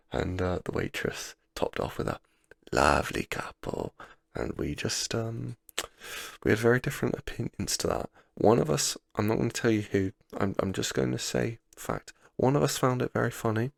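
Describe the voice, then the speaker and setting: A man rambling through a self-deprecating story in a soft, sleepy gameplay commentary, sometimes dropping to a near-whisper. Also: medium pitch, normal speed, creaky, dry recording. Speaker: gaming channel host.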